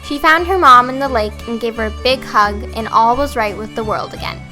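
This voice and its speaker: A woman narrating a storybook in a steady reading voice. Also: fairly high pitch, brisk, soft background music.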